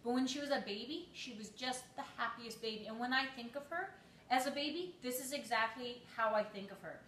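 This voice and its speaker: A woman chatting casually on her channel and reading a post aloud, affectionate and quick, often restarting her sentences. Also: a little high, fairly bright tone, echoey room, slight background noise, poor audio. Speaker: vlogger.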